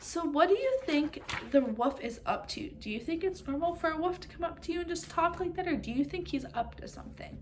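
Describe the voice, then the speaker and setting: A high-voiced woman reads a children's story aloud with lively expression. She speaks directly to her young listeners, asking them what they think. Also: brisk, hardly any pauses, slight background noise. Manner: expressive, asks listeners questions.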